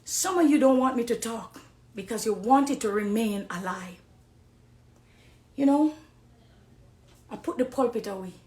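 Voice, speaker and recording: A middle-aged Jamaican woman giving an impassioned personal testimony on a live stream, preachy, swinging between hushed confiding and loud accusing. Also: a little high, expressive, measured pace, pauses often, reverberant. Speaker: dancehall artist on a live stream.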